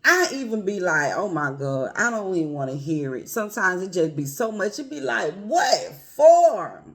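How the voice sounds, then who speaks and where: A woman speaking earnestly and personally to her viewers, calling them y'all and family, with a quiet, emotional edge. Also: sits high. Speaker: vlogger. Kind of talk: heartfelt personal talk to camera.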